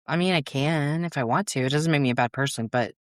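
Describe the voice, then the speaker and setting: A woman's voice: deep voice, fast talker, no echo, clean studio sound. A woman hosting a solo podcast, talking casually and frankly, swearing freely and acting out her inner voice in little quoted asides. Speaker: podcast host.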